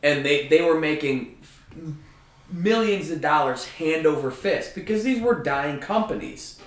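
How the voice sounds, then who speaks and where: A man's voice: fairly high pitch, lively intonation, measured pace, recorded from a distance. A man hosting a casual podcast chat, ranting with heavy swearing. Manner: profane, ranting, heated. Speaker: podcast host. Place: room with a friend. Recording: echoey room, off mic.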